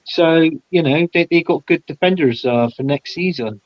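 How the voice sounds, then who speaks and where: A man's voice: a little high, normal speed, no room sound. Guest, male, casual football talk; blunt and heated, trips over his words; muffled, dead-dry audio. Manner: blunt, heated opinions with stumbling restarts. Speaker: podcast guest.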